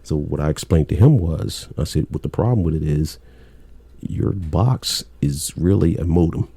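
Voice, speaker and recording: A man's voice: very deep voice, normal speed, mellow, breathy edge, no room sound. A middle-aged man, a cable technician, telling work stories in a blunt, laid-back way with plenty of swearing. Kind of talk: casual storytelling chat.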